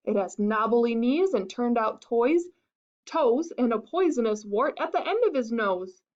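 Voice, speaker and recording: A woman reading a picture book aloud to children in a slow, expressive, sing-song way. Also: a little high. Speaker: storyteller. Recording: dull lo-fi recording.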